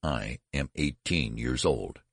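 A man's voice: sits low, very animated, a little fast, vocal fry, slightly rough, no room sound, clean studio sound, heavily acted. A man doing an earnest, grey-haired man insisting he is young. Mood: insistent.

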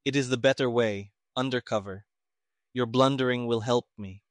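A calm, detached detective who speaks in a flat, toneless way, as a man reads him out in an audiobook. Every word comes out even and unhurried. The sound is close and dry. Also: medium pitch, no room sound, lightly acted.

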